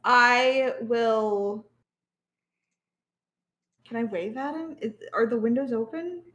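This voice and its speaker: A woman's voice: on the high side, slow, fairly bright tone. A young woman playing a tabletop game, describing her actions casually and hesitantly. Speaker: player.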